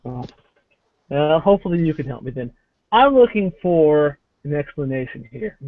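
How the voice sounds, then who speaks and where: A man's voice: on the high side, lively intonation, moderate pace, no room sound. A man voicing a brusque, annoyed female vice president who demands an explanation. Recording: tinny phone-like call audio.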